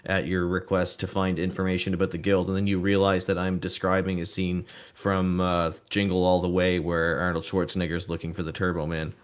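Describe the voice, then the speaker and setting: A man narrating as game master of a tabletop game, relaxed and breaking into laughter now and then. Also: deep voice, fairly quick, few pauses, clean tone.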